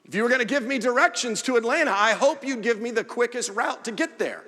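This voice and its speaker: High-voiced preacher in a reverberant church hall. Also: male voice, lively intonation, quick pace, bright, forceful tone. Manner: earnest preaching with acted-out asides. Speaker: pastor. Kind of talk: sermon. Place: church sanctuary.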